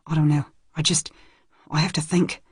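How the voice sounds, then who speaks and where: A woman reading an audiobook, voicing a protective young man who speaks low and urgently. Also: flat delivery, normal speed, a little mellow, breathy edge, no echo, studio quality. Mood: hushed urgent.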